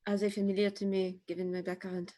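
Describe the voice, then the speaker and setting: A woman playing a tabletop game, asking quick questions and slipping in and out of character. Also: medium pitch, little pitch movement, warm tone. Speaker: player.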